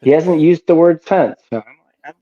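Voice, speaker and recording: A man's voice: on the high side, a little fast, highs cut off. A middle-aged man, a retired army sergeant major, telling stories bluntly and swearing freely as a podcast guest. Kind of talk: casual chat.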